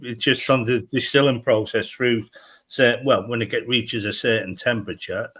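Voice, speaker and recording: A man's voice: mid-range voice, fairly even intonation, normal speed, fairly bright tone, breathy edge. A man guest explaining in a casual, methodical, slightly hesitant way.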